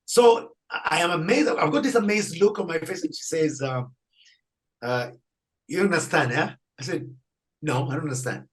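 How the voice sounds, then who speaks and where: A priest telling a story in an interview, acting out the people in it and laughing often. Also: male voice, a little high, normal speed, rough recording. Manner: animated storyteller, acts out dialogue, laughs often. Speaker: Catholic priest guest.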